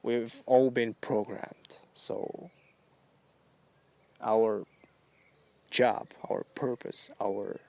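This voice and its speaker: A man hosts a solo podcast monologue with a gravelly, creaky edge to his voice. He talks at a very slow crawl, rambling and halting through drawn-out phrases. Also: lowish voice, steady tone, darkish tone, no room sound. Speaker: podcast host.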